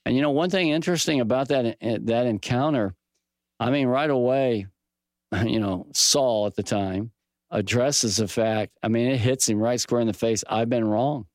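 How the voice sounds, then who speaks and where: A middle-aged man teaching from the Bible in a relaxed, folksy way, mixing scripture with a personal sports story and lively quoted dialogue. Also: medium pitch, normal speed, dry recording, studio quality. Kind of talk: conversational Bible teaching with stories.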